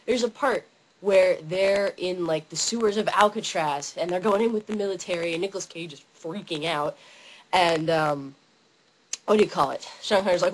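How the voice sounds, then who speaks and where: A young woman excitedly ranting about a favorite movie, yelling and acting out scenes in funny voices. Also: fairly low pitch, moderate pace, poor audio. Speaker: vlogger.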